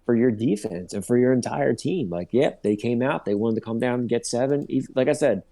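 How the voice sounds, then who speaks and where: A man co-hosting a casual sports podcast, ranting in a profane, rambling, animated way. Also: mid-range voice, brisk. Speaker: podcast co-host.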